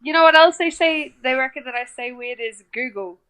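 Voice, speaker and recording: A young Australian woman talking casually as a podcast guest over a video call, chatty and quick to laugh. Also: high-pitched, fairly bright tone, low-quality recording. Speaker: guest fighter.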